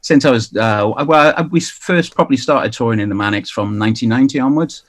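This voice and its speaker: A Welsh man in his fifties, a musician guest on a radio interview, talking in a halting way with many fillers and restarts. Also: medium pitch. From Wales. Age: 50s. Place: outdoors by the sea.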